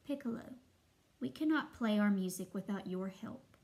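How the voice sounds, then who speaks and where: A woman voicing a stern but kindly male conductor baton in a storybook read-aloud, commanding and then softly coaxing. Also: mid-range voice, lively intonation, moderate pace, lightly acted. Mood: gentle.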